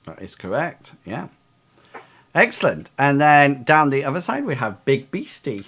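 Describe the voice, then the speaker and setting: A man hosting an online tabletop game stream as game master, speaking haltingly with many fillers as he wraps up. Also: mid-range voice, very animated, a bit bright.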